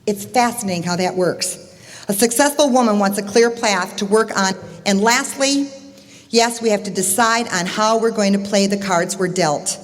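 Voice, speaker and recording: An emphatic woman delivers a motivational speech to a conference crowd, calling them "gang". Her voice sits at a middle pitch. It rings with a long echo through a big hall. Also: normal speed. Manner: emphatic, addresses the audience as "gang". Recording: echoey hall.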